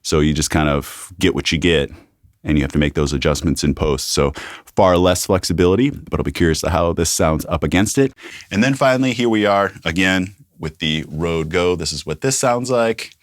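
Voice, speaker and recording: A man with a low voice, speaking at normal speed, reviews microphones casually on YouTube, repeating test phrases through a studio condenser mic in his home studio as he checks levels. The sound is dry.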